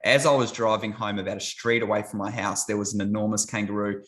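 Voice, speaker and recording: A man's voice: on the low side, level tone, quick pace, a bit bright. A man in his thirties with an Australian accent, chatting easily as a guest on a video call and often laughing. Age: 30s. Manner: easygoing, chatty, laughs often, repeats words. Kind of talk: casual video call chat.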